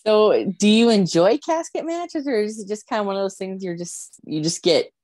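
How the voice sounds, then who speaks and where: A woman's voice: mid-range voice, expressive, normal speed, a little mellow, no room sound. A woman podcast host asking questions in casual chat, hesitant and full of "um"s. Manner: hesitant, with frequent "um"s and light laughs.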